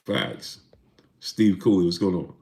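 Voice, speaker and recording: Deep gravelly man hosting a livestream. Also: lively intonation, unhurried. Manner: shouts out viewers by name, defensive and talkative. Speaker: boxing livestream host. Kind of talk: casual livestream chat reading super chats.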